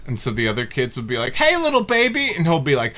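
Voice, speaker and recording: A man's voice: mid-range voice, rapid-fire, a bit bright. A man co-hosting a casual livestream chat over a video call, laid-back and wry. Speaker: podcast co-host.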